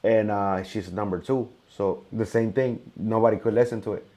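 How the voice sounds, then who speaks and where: A man's voice: fairly low pitch, fairly even intonation, normal speed, mellow. A male host in casual conversation, recounting a story in a loose, rambling way.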